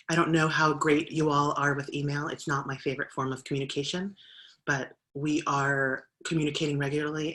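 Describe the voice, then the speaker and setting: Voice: mid-range voice, bright, forceful tone. A minister speaking to an online congregation, thanking helpers and giving announcements in a loose, conversational way with fillers. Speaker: minister leading the service. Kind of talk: spoken service announcements.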